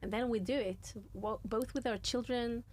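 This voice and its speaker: A woman's voice: on the high side, steady tone, normal speed, a little mellow, a little hiss or hum. A woman podcast host speaking in a casual interview, encouraging and affirming her guests.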